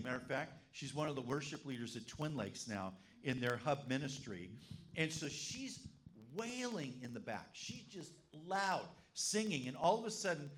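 A man, a pastor, preaching a sermon to his congregation, telling stories and asking the room questions. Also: on the high side. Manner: animated storytelling, asks the congregation questions. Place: church service.

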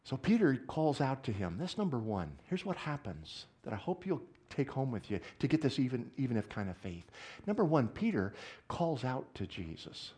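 A man preaching a sermon in a church, animated, moving from loud exclamations to hushed asides and often asking the congregation questions. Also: medium pitch, moderate pace, slightly rough. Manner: asks the audience questions often. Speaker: pastor.

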